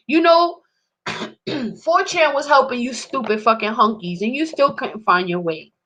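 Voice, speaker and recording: Fired-up woman ranting hard, lots of swearing, kinda high voice, loud then muttery. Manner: heated, profane ranting; swings between loud outbursts and low muttering. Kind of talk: angry monologue to camera.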